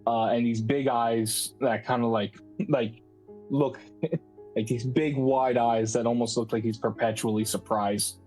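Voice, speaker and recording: An easygoing game master describing scenes at a mid-range pitch, rambling loosely with fillers. Faint music sits in the background. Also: fairly even intonation, measured pace, a little mellow, low-quality recording. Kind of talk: narrating a tabletop game.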